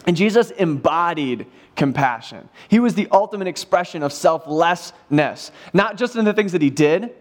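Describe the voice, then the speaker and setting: A man preaching a sermon in church, retelling a Bible story in a casual, animated way with acted-out quotes. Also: on the high side, normal speed, few pauses. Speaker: pastor.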